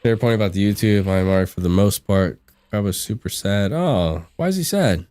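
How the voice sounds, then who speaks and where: Chatty low-voiced man hosting a game stream. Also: animated, normal speed, mellow, no echo, faint music behind. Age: adult. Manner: chatty, laughs often, reads out chat replies. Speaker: livestream gaming host. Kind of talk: casual chat while gaming.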